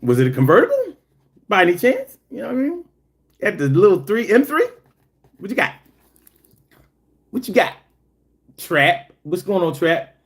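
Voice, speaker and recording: A man's voice: normal speed, long pauses. A man hosting a casual livestream, reading chat and telling joking, profane stories. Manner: animated, swings high when telling stories.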